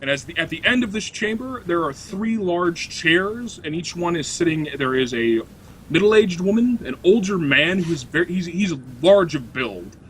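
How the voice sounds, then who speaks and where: A man's voice: high-pitched, animated, normal speed, fairly bright tone, slight background noise. A man narrating a tabletop game as game master, describing scenes in a rambling, hesitant way with many fillers.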